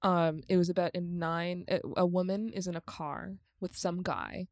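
A woman's voice: fairly low pitch, steady tone, moderate pace, a little mellow, no room sound, clean studio sound. A woman co-hosting a podcast, recapping films in a rambling, casual chat, laughing often and swearing freely. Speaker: podcast co-host.

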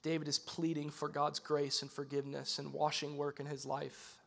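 A young adult man preaching a sermon as a pastor, talking casually and swinging between loud emphasis and soft, earnest passages. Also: fairly high pitch, completely flat delivery, normal speed, vocal fry.

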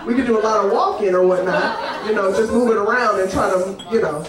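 A woman's voice: medium pitch, fairly quick, far from the mic, crowd noise. Live storyteller, woman, brash and giggly, roomy venue, audience audible. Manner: animated, swearing, laughing often.

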